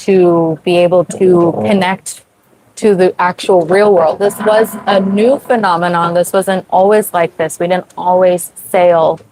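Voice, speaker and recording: A young woman hosting a casual livestream from her sailboat at sea, chatty, full of "like" fillers and quick laughs. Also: on the low side, a little mellow, slight background noise, low-quality recording. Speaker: sailing livestream host. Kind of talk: casual livestream chat with viewers.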